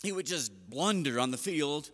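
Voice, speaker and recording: A man's voice: fairly high pitch, normal speed. A middle-aged man preaching a seated sermon, telling stories and acting out quoted voices. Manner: storytelling, animated quoted voices. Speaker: pastor. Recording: long hall reverb.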